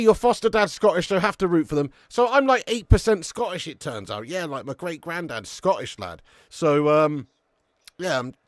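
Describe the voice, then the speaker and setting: A brash man hosts a live football watch-along and reads out viewer comments. His banter is loose and full of swearing. His voice sits on the high side, and the recording is dry and close, with no room sound. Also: no echo. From England.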